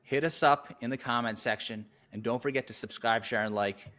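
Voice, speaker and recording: A man's voice: medium pitch, normal speed, fairly bright tone. A man co-hosting a golf podcast who speaks in a plain, direct way and sometimes reads document text aloud. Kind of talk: casual chat and reading a document aloud.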